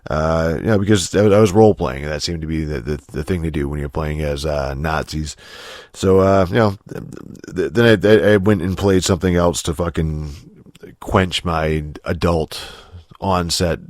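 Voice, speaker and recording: Podcast host, male, very low voice, dry close sound, rambling, profane, loose casual delivery. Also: normal speed, a little mellow, no room sound. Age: adult, getting older. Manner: profane, rambling, many restarts and fillers.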